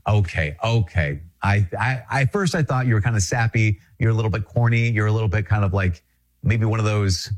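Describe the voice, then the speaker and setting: A man's voice: on the low side, breathy edge. A man from Minnesota, a Catholic priest, giving an earnest, conversational spiritual talk and repeating phrases for emphasis.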